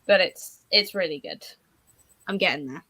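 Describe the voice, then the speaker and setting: A woman's voice: on the low side, moderate pace, bright, forceful tone, slight background noise, rough recording. A woman chatting casually on a livestream, with trailing, hesitant phrasing and bursts of exasperation. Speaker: livestream guest. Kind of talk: casual chat.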